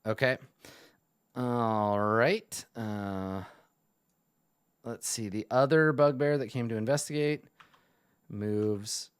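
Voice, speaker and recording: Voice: medium pitch, slow pace, pauses often, smooth. A game master narrating a tabletop game in a rambling way, full of fillers.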